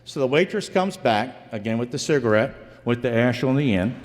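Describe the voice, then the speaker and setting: Man from Virginia, medium pitch, tells a folksy true tale on stage, casual spoken delivery, hall reverb. Casting: relaxed live storyteller. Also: a little fast, hardly any pauses. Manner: folksy, addresses the audience as folks. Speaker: storyteller, former investigator. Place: live stage before an audience.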